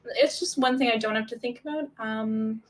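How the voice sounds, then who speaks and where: A woman's voice: on the high side, moderate pace. A woman guest streamer chatting candidly and casually, laughing often and saying "like" a lot. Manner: relaxed, candid, giggly, lots of "like". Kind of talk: casual chat.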